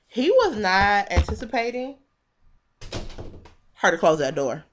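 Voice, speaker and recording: A woman recapping a reality show in casual, animated commentary, sassy and quick to laugh. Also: mid-range voice, a little hiss or hum.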